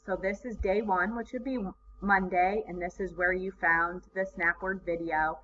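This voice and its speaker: A woman teaching kindergarten in a recorded video lesson, with slow, encouraging, sing-song teacher talk. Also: on the low side, fairly even intonation, fairly bright tone. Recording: slightly dull lo-fi sound, faint background noise.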